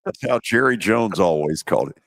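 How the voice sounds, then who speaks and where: A man's voice: low voice, no room sound, studio quality. A man hosting a sports talk radio show, chatting casually with folksy asides. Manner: lively, folksy, quick to jump in with asides. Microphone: studio microphone.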